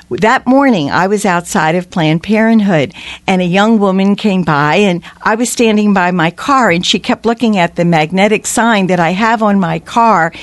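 A woman's voice: medium pitch, no echo. A woman on a radio show, earnestly telling a long personal story and acting out the voices of the people in it. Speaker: guest.

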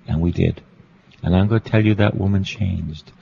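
A man's voice: sits low, fairly even intonation, moderate pace, vocal fry, narrow, tinny audio, a little hiss or hum. A Catholic priest, a man, preaching a storytelling sermon, repeating phrases for emphasis and asking his listeners questions.

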